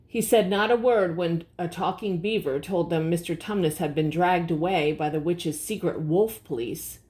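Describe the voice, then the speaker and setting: An older woman with a fairly low voice reads a picture book aloud to her grandchildren. She pauses to explain words gently and point out the pictures. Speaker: storybook reader.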